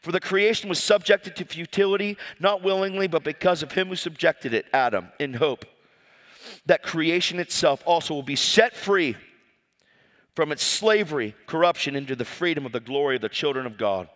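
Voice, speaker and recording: A man preaching a sermon, reading scripture and telling stories with fervent swings from loud cries to quiet asides. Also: fairly high pitch, moderate pace. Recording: long hall reverb.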